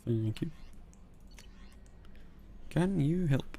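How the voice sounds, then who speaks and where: Gravelly, dark-voiced man streaming a game. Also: on the low side, a little slow, long pauses, slight background noise. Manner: rambling and relaxed, with mild swearing and chat replies. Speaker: streamer playing a video game. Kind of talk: casual live-stream chat.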